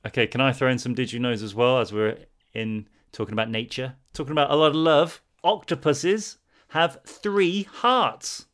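This is a man co-hosting a relaxed chat podcast, speaking in an ordinary mid-range male voice. He is playful and jokey and likes to act out small moments while he talks. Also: medium pitch, normal speed. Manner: playful, jokey, acts out little bits. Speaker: podcast co-host. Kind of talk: casual chat.

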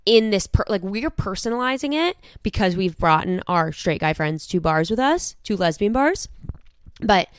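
A young woman co-hosting a casual podcast, speaking up readily and acting out little bits of dialogue as she argues her side. Her voice sits at an ordinary middle pitch, recorded close and dry with no room sound. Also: moderate pace, smooth, no echo. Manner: animated, argumentative, acts out quoted voices. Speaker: podcast co-host. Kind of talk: casual chat.

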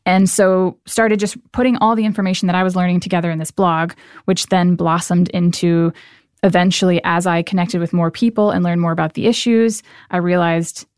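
A woman's voice: on the low side, darkish tone, smooth, no room sound, clean studio sound. A young woman being interviewed as a charity founder, explaining things earnestly and upbeat. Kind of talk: interview conversation.

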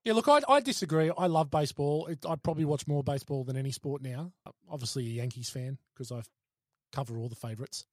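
A man's voice: mid-range voice, fast talker, no room sound. An Australian man in his forties, co-hosting a podcast in casual chat, blunt and joking, with lots of swearing. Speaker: podcast co-host.

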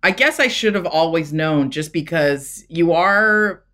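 A woman, a podcast guest, telling a story in casual chat, animated and laughing along. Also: deep voice, unhurried.

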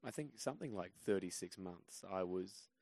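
A man's voice: low voice, expressive, moderate pace, creaky, darkish tone, dry recording. A man guesting on a podcast as a comedian, telling rambling, self-deprecating anecdotes in a casual way.

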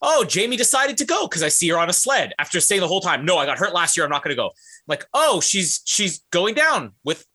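A man co-hosting a casual podcast, telling a story with lots of laughter. His voice sits fairly high and bright, and his pitch rises and falls a lot as he gets carried away in the telling. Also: sing-song, quick pace, husky. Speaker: podcast co-host.

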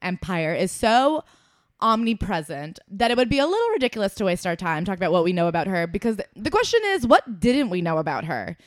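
A woman's voice: medium pitch, fast, no echo, clean studio sound. A young woman co-hosting a podcast, telling stories in casual chat with lots of laughter and acted-out voices of other people. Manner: animated storytelling, frequent laughter, acts out quoted people. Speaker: podcast co-host.

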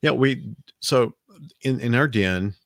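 A man's voice: mid-range voice, slow pace. A man from the American South with a Southern accent, telling a rambling family story in casual chat, with frequent restarts. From Alabama, US South.

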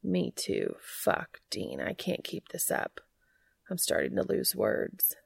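Woman doing a hushed, breathy lover man. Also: lowish voice, wildly swooping pitch, slow pace, no room sound, clean studio sound, heavily acted. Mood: hushed, intimate. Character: smitten adult man, low and breathy. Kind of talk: audiobook character reading.

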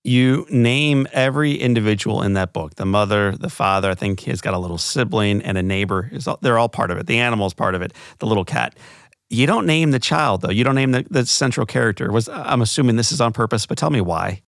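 A man's voice: lowish voice, a little fast, creaky, dry recording, studio quality. A man hosting an interview, asking questions in a friendly, attentive way. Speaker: interview host. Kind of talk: conversational interview.

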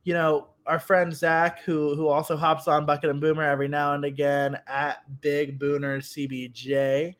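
A man co-hosts a casual podcast in a slightly high voice. He is chatty and often restarts his sentences. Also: level tone, normal speed, hardly any pauses. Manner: chatty, lots of restarts and "you know". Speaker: podcast co-host.

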